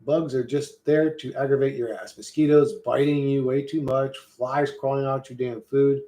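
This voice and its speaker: A man's voice: mid-range voice, fairly even intonation, moderate pace, warm tone, reverberant. A man with an American accent streaming casually, rambling and swearing while he reads chat. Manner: profane, rambling, loose and joking. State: hot and sweating.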